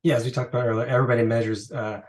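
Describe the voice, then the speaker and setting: A man interviewing a guest in a relaxed conversation, asking long, rambling questions. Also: mid-range voice, rapid-fire. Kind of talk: casual interview.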